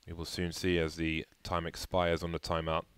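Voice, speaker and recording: A man giving play-by-play commentary on an esports match, getting excitable and rising with the action. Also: low voice, normal speed, clear, resonant tone.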